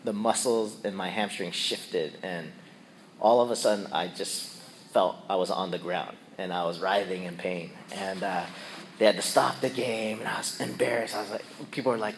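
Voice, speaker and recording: A man's voice: on the low side, normal speed, a bit bright, slight background noise. A middle-aged man casually telling a personal story and acting out his own yelps and quoted lines. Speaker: speaker sharing a personal reflection.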